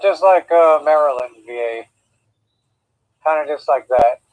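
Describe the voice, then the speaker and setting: Deadpan joking man, dry close sound. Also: on the high side, measured pace, dry recording, poor audio. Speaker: livestream co-host. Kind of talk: casual livestream chat.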